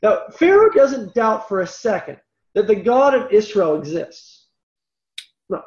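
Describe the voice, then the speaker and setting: A man teaching through a Bible passage verse by verse, animated and conversational, with asides and self-corrections. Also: high-pitched, unhurried. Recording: roomy echo, dull lo-fi sound.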